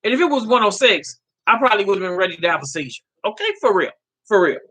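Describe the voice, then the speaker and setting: Woman in her fifties, lively storytelling vlog, bright voice. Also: medium pitch, fast, husky. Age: 50s. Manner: animated, acts out dialogue, laughs often. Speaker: vlogger. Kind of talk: casual storytelling to viewers.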